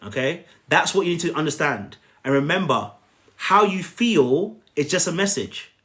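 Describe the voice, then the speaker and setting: A slightly high, fairly bright male voice with lively intonation moves at a moderate pace as a life coach streams live from his phone. Emphatic, he often asks "okay?" and speaks to viewers by name.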